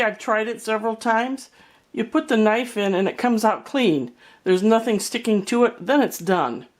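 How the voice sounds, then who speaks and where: Older woman, home cook, chatty and folksy, cooking demonstration, home kitchen. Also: mid-range voice. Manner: chatty, folksy, storytelling asides.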